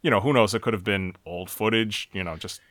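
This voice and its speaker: A man from the United States co-hosting a casual chat, relaxed as he recaps scenes and asks questions. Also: lowish voice, brisk, no echo. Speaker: podcast co-host. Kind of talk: casual chat and film commentary.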